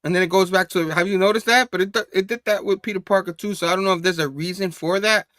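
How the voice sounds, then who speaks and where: A man's voice: high-pitched, steady tone, fast talker, pushed and bright, no echo, studio quality. A man casually reviewing a comic book, reading the panel dialogue aloud in a loose, chatty way with frequent laughs.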